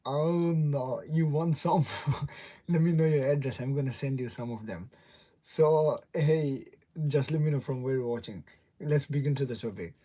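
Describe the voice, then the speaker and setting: A man's voice: mid-range voice, moderate pace, warm tone. A young man with a non-native English accent, hosting a rambling, casual livestream chat, laughing often and greeting viewers. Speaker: livestream host. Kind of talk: casual live stream chat.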